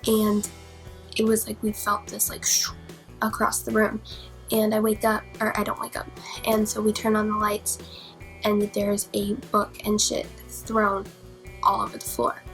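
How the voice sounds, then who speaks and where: A young woman vlogger telling a scary personal story in a dramatic, profane way, dropping to whispers and rising to near-shouts. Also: medium pitch, low-quality recording. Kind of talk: storytime vlog.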